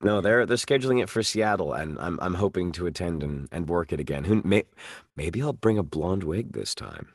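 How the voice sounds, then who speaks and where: Man, very low voice, voice actor guest, casual interview, reflective, playful. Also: animated, normal speed. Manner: reflective, self-deprecating, playful asides.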